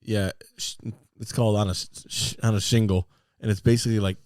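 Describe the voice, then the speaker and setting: Man, young adult, podcast co-host, teasing, laughs a lot, lowish voice, dry close sound. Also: steady tone, brisk, a little mellow, smooth, no room sound. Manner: joking, teasing, laughs often. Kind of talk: casual chat.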